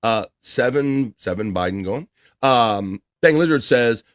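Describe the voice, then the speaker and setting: A man's voice: medium pitch, lively intonation, moderate pace, no echo, clean studio sound. A man hosting a casual livestream, reading viewer messages aloud in a loose, chatty way. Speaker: livestream host reading chat. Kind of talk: casual chat.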